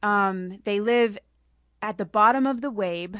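A woman author talking casually about her story, laughing often, before reading an excerpt. She speaks at a middle pitch. Her voice is dry and close on a studio mic. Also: unhurried, fairly bright tone, no room sound. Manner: chatty with frequent laughs. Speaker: author guest.

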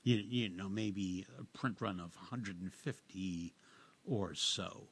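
A man hosting a radio show, chatting casually in a halting, rambling way with lots of fillers and restarts. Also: deep voice, slightly rough. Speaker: radio host. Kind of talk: casual radio interview chat.

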